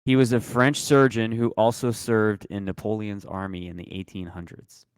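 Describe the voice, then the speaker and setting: A man's voice: lowish voice, level tone, normal speed, clear, resonant tone, no room sound. A man co-hosting a casual sports podcast, adding playful asides. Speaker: podcast co-host.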